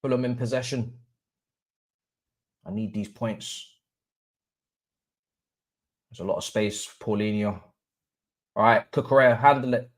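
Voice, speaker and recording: A young man hosting a live football watch-along, swinging between low murmurs and excited chanting. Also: a little slow, pauses often. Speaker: livestream host.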